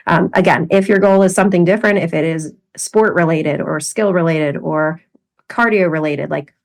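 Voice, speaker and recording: A woman's voice: deep voice, moderate pace, gravelly. A woman co-hosting a podcast as a fitness coach, explaining ideas in a casual, coach-like way. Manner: explanatory, coach-like, many "like" fillers.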